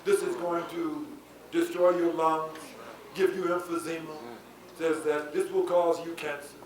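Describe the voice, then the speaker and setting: A man giving a preaching lecture to an audience, building to shouted emphasis and asking rhetorical questions. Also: a little high, little pitch movement, a little slow. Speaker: spiritual leader giving a lecture. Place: lecture hall before an audience. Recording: echoey hall, voice from far off, faint hiss.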